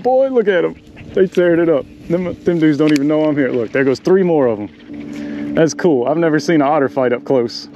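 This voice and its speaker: Excitable man fishing outdoors. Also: fairly high pitch, fairly quick, background noise. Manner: excitable, talks to the animals and the viewers. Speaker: fishing vlogger. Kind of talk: casual running commentary while fishing. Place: small boat in a marsh bayou outdoors. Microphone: action camera mic.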